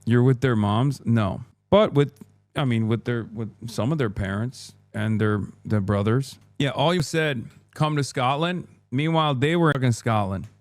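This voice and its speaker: A streamer in his thirties reads an article aloud and breaks off into joking riffs. His voice is smooth and clear, recorded close and dry, at an average pitch for a man. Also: unhurried, no echo. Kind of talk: casual livestream commentary.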